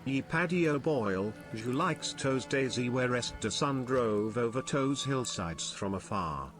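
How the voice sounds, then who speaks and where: A man's voice: mid-range voice, expressive, a little slow, fairly bright tone, soft background music. A man voicing a boisterous old Irish pub man who rambles in mock-Irish gibberish full of pub slang. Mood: reminiscing.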